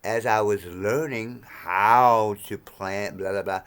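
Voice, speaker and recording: A man in his sixties ranting to camera in a profane, heated monologue, swinging between low mutters and sudden shouts. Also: slow pace, few pauses, clean tone. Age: 60s. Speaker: vlogger.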